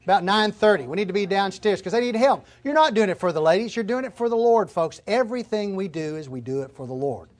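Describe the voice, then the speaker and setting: A man's voice: high-pitched, expressive, fast talker, few pauses. A man preaching a sermon in an earnest, emphatic way, repeating his key phrases. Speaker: pastor.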